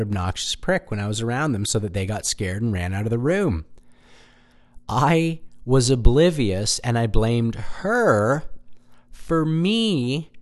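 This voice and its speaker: A man in his thirties talks through a personal story in a loose, rambling monologue, candid and self-deprecating. His pitch rises and falls a lot, and he swears casually.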